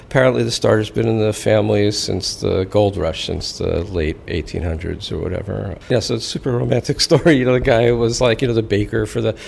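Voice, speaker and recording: A man's voice: lowish voice, fairly even intonation, brisk, gravelly, hardly any pauses, a little mellow, slight background noise. A man being interviewed about his bakery, speaking conversationally and explaining things with filler phrases. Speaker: bakery founder interviewed in an archived report.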